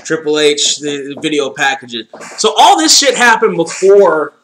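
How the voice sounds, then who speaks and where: A man's voice: on the high side, unhurried, fairly bright tone, echoey room, a little hiss or hum. A man casually reacting to old wrestling footage, sarcastic and joking, swearing freely. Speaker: commentator watching wrestling footage.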